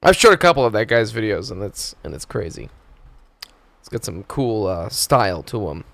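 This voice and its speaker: A man's voice: on the low side, sing-song, moderate pace, vocal fry, fairly bright tone, no echo. A man hosting a live stream, chatting casually and swearing often as he reacts to clips. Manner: profane, laid-back, laughing. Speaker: streamer host.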